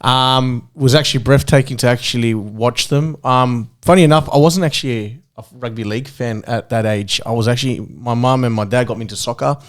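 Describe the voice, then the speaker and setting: A man's voice: medium pitch, fairly quick, hardly any pauses. Chatty Australian man telling stories. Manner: chatty storyteller with lots of fillers and laughs. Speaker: podcast co-host. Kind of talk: casual chat.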